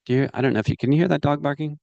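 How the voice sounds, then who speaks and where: A man teaching a business course in a casual, animated way, often checking in with the listener. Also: on the high side, racing, creaky, no echo, highs cut off. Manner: animated, asks "does that make sense" and "right" often; acts out inner voices and his dog.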